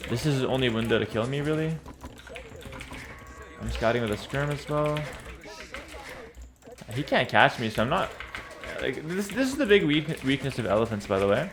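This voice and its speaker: A man talking through his own strategy match in a laid-back, chatty way, at a mid pitch for a male voice. He trips over his words, repeats phrases and slurs a little, yet stays confident and easygoing. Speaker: streamer playing a strategy game. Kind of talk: casual live gameplay commentary.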